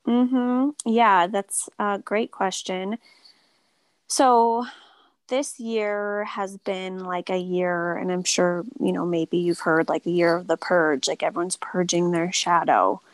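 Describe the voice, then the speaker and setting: A woman who practices Reiki talks casually and softly in an interview, with many filler words. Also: on the low side, steady tone, slow pace, no room sound. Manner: soft-spoken, lots of filler words. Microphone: remote call.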